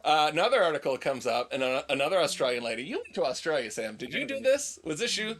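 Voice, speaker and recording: A man's voice: fairly high pitch, very animated, fast talker, a bit bright, a little hiss or hum. A man co-hosting a casual podcast chat, joking as he reads out news stories. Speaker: podcast co-host.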